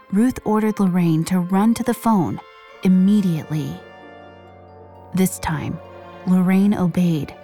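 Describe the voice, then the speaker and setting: Female podcast host, low mellow voice, measured scripted true-crime narration. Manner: measured, grave storytelling.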